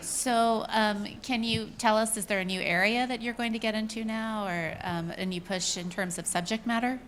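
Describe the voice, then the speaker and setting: A woman's voice: a little high, steady tone, normal speed, fairly bright tone, a little hiss or hum. A woman interviewing a guest onstage, asking plain questions and steering with short acknowledgments. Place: event stage before an audience.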